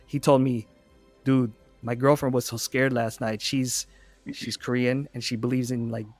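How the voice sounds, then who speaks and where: A man's voice: medium pitch, little pitch movement, normal speed, no room sound, faint music behind. A man co-hosting a casual livestream chat, telling a story in a rambling way with frequent restarts. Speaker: podcast co-host.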